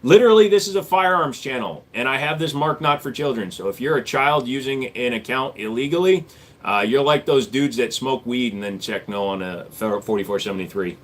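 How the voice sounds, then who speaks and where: A man's voice: mid-range voice, animated, fairly quick. A man in his forties, born in Korea, hosting a casual live stream and answering chat questions in a blunt, sarcastic way. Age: 40s. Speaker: livestream host.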